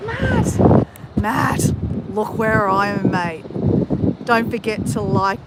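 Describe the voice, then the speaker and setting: A woman's voice: medium pitch, sing-song, slow pace. A woman with an Australian accent live-streaming a coastal walk from her phone, chatting eagerly to viewers. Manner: enthusiastic, addresses viewers constantly. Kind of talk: casual live-stream chat. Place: outdoors on a windy coastal walk. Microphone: phone held for live stream. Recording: wind-buffeted phone recording outdoors. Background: wind noise on the mic.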